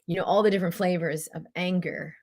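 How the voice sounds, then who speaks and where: A middle-aged woman hosting a casual motivational talk as a mind-body coach, lively and acting out inner voices. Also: fast talker. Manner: animated, acts out inner voices in a high pitch.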